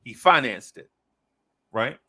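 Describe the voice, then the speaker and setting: This podcast host, a man with a husky, mid-range voice, takes his time as he tells a long tale in relaxed chat. He's an animated storyteller who performs the voices of the characters he quotes.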